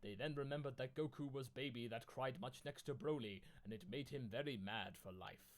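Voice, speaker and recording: A man's voice: medium pitch, normal speed. A man hosting a comedy show, reading clumsy fan fiction aloud with mock seriousness. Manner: mock-serious, stumbling over clumsy prose.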